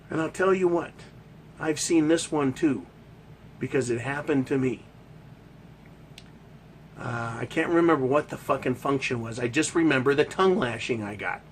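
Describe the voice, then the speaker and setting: High-voiced man ranting profanely. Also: fairly bright tone. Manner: profane, heckling, rhetorical questions. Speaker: podcast host. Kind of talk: ranting monologue.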